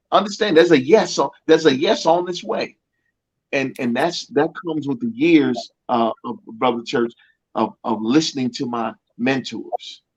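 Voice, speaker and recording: A middle-aged male coach gives a motivational interview, emphatic and repetitive, restarting often in a preacher-like cadence. He has a slightly rough, mid-range voice, and the recording's highs are cut off.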